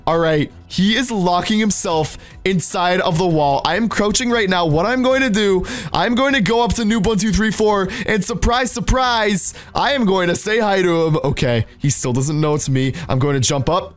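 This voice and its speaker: A high-voiced man commentating his Minecraft gameplay, hyped and exclamatory as he talks straight to his audience. Faint music plays under his voice. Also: moderate pace. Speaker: Minecraft gaming YouTuber.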